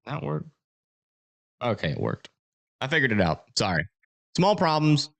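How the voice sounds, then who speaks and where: A man in his thirties hosts a casual livestream in a chatty, self-deprecating way. His voice sits in a middle pitch. The sound is dry and close, with no room around it. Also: sing-song, a little slow, vocal fry, fairly bright tone, no echo. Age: 30s. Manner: chatty, reads donations aloud, self-deprecating. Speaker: storm-chasing livestream host.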